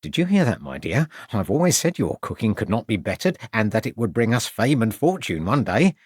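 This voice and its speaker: A man's voice: on the low side, big pitch swings, a little fast, a little mellow, slightly rough, no room sound. Man putting on a meek nervous landlord, placating, slightly raised voice, dry close sound. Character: small, nervous, meek lodging-house owner.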